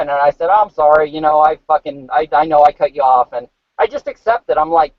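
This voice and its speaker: A man telling stories in a casual, profane chat, animated and swearing freely. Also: a little high, fast, dry recording. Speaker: podcast co-host. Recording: dull dry home mic.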